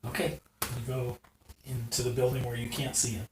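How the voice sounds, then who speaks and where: A game master narrating a tabletop game in an unhurried way with frequent "um"s, heard in a noisy live stream. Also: medium pitch, flat delivery, echoey room, recorded from a distance.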